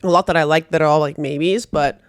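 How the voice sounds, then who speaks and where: Young woman podcast co-host, winded, rattles through stories at a quick clip, close and dry sound. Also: sits low, steady tone, dry recording. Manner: rambling, filler-heavy storytelling. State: out of breath. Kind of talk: casual chat.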